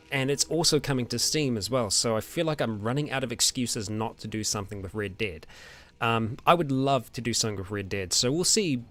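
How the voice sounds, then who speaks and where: A young man with an Australian or New Zealand accent, hosting a casual question-and-answer chat with his viewers, relaxed and rambling with lots of ums and small laughs. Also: mid-range voice. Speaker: roleplay channel host answering viewer questions.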